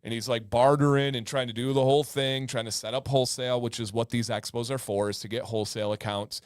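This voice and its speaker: A man's voice: medium pitch, fairly even intonation, quick pace, clean tone, dry recording, studio quality. A man telling a story in casual chat as a livestream co-host, acting out the people in it.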